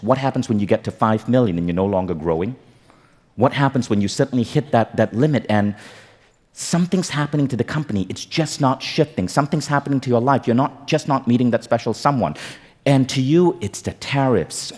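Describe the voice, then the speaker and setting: Guy in his 40s on a stage mic, lowish voice, telling a funny story, acts out the quotes. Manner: animated, comic, acts out quotes. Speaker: keynote speaker. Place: conference stage.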